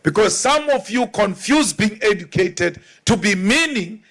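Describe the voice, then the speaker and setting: A man with a South African accent giving a forceful political rally speech, repeating lines for emphasis. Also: high-pitched, expressive, a little slow, few pauses. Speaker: opposition politician.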